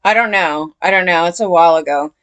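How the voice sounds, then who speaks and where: A woman's voice: fairly low pitch, quick pace, a bit bright, smooth, dry recording. A woman talking casually to her viewers in a rambling way, full of fillers and restarts, often unsure of herself. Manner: questioning, unsure, often says she doesn't know. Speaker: commentary vlogger. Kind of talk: casual commentary to camera.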